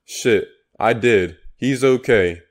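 A man's voice: medium pitch, slow. A man reading the part of a scruffy old male painter who talks bluntly and crudely. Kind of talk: audiobook character reading.

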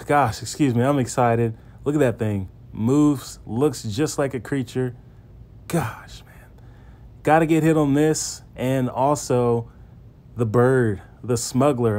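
A man, chatting excitedly to viewers in a casual fishing vlog, recorded outdoors by a pond. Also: mid-range voice. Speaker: fishing vlogger.

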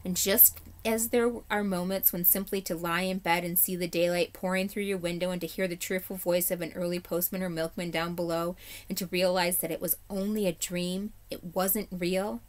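A woman teacher reads a chapter book aloud in an expressive storytelling voice, fairly low for a woman. Now and then she trips over a word and corrects herself. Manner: expressive storytelling, occasional slips. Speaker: third grade teacher.

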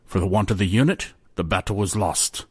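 A weathered old man, once a blacksmith's apprentice, spins a fable in old-fashioned speech, as a man puts him on. His voice is husky and low with lively rises and falls, heard dry and close. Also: a little fast, no room sound. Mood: solemn, wistful. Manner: old-fashioned storytelling speech, calls listener lad.

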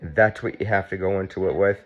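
A man's voice: deep voice, brisk. A man in his fifties vlogging at home, sore and tight after surgery, chatty and blunt and swearing freely. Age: 50s. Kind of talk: casual vlog talk. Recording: dull lo-fi sound.

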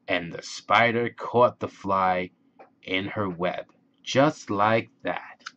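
A man reading a picture book aloud to children in a gentle, playful way. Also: takes it slowly, muffled recording. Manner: gentle, playful, animal sounds done in a high voice. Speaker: storybook reader.

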